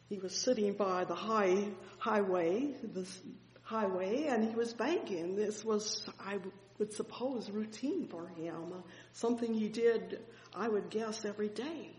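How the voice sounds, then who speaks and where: Slow, fervent preacher in an echoey hall. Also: medium pitch. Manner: fervent storytelling with sudden swells and drops in loudness; frequent fillers and exclamations like oh my. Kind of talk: sermon.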